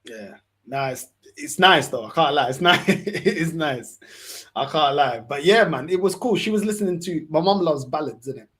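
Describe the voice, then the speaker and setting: A man's voice: a little high, expressive, normal speed, fairly bright tone, husky. A man hosting a casual chat, easygoing, laughing often and repeating himself. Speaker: channel host.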